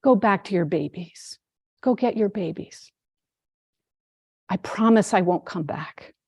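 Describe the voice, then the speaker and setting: A woman's voice: unhurried, a little mellow, breathy edge, dry recording, clean studio sound. A woman voicing a frightened young man who keeps swearing and pleading as danger closes in. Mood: desperate. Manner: panicky, pleading, high-pitched outbursts. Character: frightened young man facing a mountain lion.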